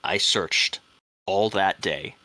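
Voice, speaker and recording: A man acting as game master, giving a dramatic first-person statement reading in a measured way that drops to hushed tones at the tense moments. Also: low-pitched, no echo.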